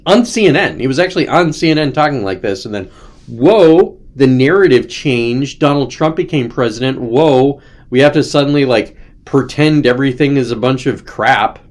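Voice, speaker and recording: A man's voice: medium pitch, lively intonation, moderate pace. Rambling sarcastic male livestream host. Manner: rambling, sarcastic, mocking voices. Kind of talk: casual livestream commentary.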